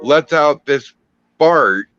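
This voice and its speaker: A man's voice: on the high side, animated, drawn-out words, sharp tone, lo-fi sound, faint music behind. A man co-hosting a podcast, telling a joking story in casual chat. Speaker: podcast co-host.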